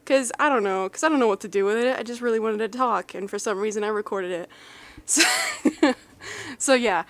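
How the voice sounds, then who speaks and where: A young American woman chatting casually, then reading a list aloud in a put-on, deliberately bad English accent, rambling and giggly with lots of fillers. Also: on the high side, fairly bright tone. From United States. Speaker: YouTuber.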